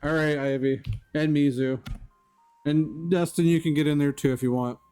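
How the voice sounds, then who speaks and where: A man streams a game and chats with his viewers in a loose, easygoing way. His voice is mellow, and he laughs often. Faint music plays underneath. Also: on the high side, steady tone, normal speed, clean tone. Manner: chatty, laughs often, talks to chat by name. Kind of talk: casual live-stream chat while playing.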